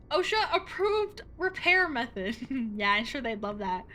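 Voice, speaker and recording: A woman's voice: high-pitched, pushed and bright. A woman streaming a game, chatting playfully to her viewers, cursing now and then and reading dialogue aloud. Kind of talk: casual gameplay commentary.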